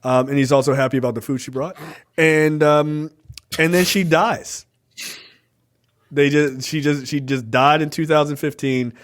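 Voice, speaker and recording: A man's voice: fairly high pitch, steady tone, moderate pace. A man in his thirties co-hosting a podcast, casually retelling a movie with lots of swearing and laid-back storytelling. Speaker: podcast co-host. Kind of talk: casual movie review chat.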